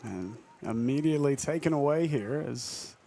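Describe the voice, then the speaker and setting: A man's voice: medium pitch, animated, moderate pace, gravelly, dark tone, slight background noise. Laughing, jokey male sports commentator. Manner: jokey, laughs often between calls. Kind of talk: live soccer commentary. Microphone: broadcast headset.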